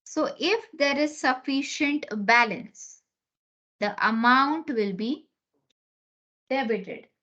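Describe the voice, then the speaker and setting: Woman, online class teacher, step-by-step explaining, higher pitch, muffled video call audio. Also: slow, long pauses, sharp tone. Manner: explains step by step, often checking with "okay?". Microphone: computer mic on a video call. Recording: lo-fi online meeting recording.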